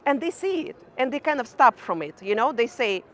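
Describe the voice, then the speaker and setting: A woman's voice: fairly high pitch, sing-song, normal speed, few pauses. A young Ukrainian woman with a Ukrainian accent, chatting casually to camera and peppering her talk with "kind of" and "you know". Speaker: vlogger.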